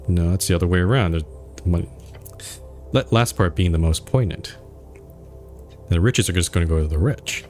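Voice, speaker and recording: Streamer, male, lowish voice, reads game dialogue aloud with dry asides, faint music underneath. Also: lively intonation, normal speed, darkish tone. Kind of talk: let's play with game text read aloud.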